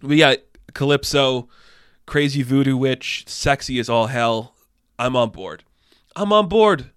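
A man hosting a casual movie news show, talking with excitable enthusiasm and frequent swearing. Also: mid-range voice, a little slow, clean tone, no echo, studio quality. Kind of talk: casual entertainment news commentary.

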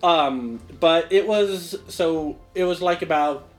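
Young guy GMing, slightly high voice, rambly, lots of likes and ums. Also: slow, soft background music. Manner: rambling, filler-heavy, laughs often. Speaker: game master. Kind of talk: narrating a tabletop game.

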